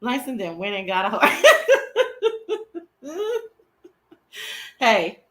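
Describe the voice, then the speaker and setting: A woman hosting a casual livestream chat, loud, dramatic and profane, often breaking into laughter. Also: mid-range voice, expressive, slow, reverberant. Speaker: host.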